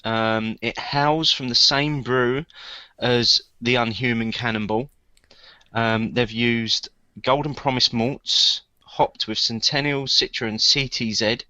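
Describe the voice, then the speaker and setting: A man's voice: medium pitch, steady tone, slow, bright, forceful tone, no echo, dull audio. A man co-hosting a casual podcast chat, talking hesitantly with many ums and repeated words. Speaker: podcast co-host.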